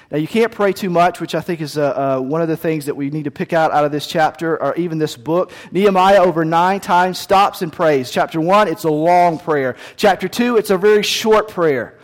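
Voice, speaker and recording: A man's voice: on the high side, moderate pace, long reverb tail. A man preaching a sermon as pastor, in a conversational, folksy storytelling manner with frequent restarts.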